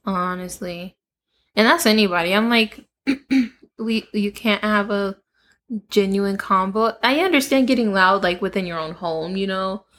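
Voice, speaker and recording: A woman co-hosting a podcast in casual chat, chiming in with agreement and quick laughs. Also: mid-range voice, fairly bright tone. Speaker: podcast co-host.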